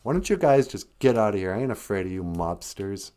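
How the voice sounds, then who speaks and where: A man's voice: fairly low pitch, big pitch swings, a little fast, warm tone. A man voicing a stubborn circus owner in a defiant, tough-talking manner.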